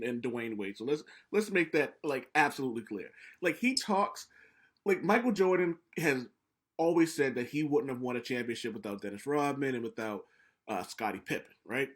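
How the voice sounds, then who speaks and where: A young man co-hosting a casual podcast, telling stories with lively acted-out quotes and frequent swearing. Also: medium pitch, moderate pace. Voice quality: profane, animated storyteller acting out quotes. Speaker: podcast co-host.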